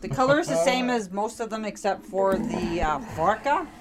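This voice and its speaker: A woman's voice: medium pitch, expressive, moderate pace, a crowd in the background. A woman co-hosting a casual beer-tasting chat, reading out beer facts and teasing the others. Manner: reads out beer facts, teasing, laughs often. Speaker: podcast co-host.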